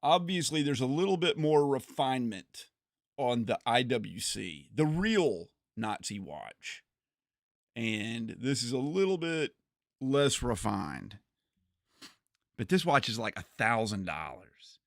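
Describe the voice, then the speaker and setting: A man chatting casually on a gaming livestream, animated, often repeating words and laughing. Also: medium pitch, gravelly, no echo, clean studio sound.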